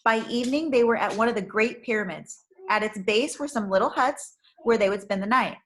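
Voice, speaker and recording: A woman, a teacher, reading a chapter book aloud in a clear, careful manner. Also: fairly high pitch, fairly quick, fairly bright tone, low-quality recording.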